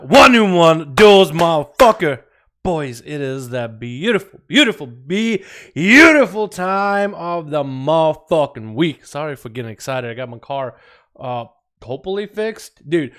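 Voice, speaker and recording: A man's voice: a little high, fairly bright tone. Hyped, foul-mouthed young streamer guy. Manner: hyped-up, profane, rowdy greetings. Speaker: livestream host. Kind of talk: casual gaming livestream chat.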